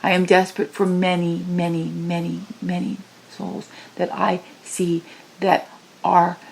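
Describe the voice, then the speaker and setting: A woman delivering a channeled spiritual message, pleading with passion and moving from low murmurs to high cries. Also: completely flat delivery, unhurried, gravelly, a little hiss or hum.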